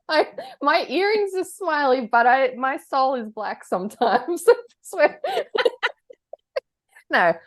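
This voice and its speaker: A woman's voice: high voice, expressive, slow, long pauses. A woman co-hosting a podcast, talking candidly and rambling, often laughing between thoughts. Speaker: podcast co-host. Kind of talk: casual chat.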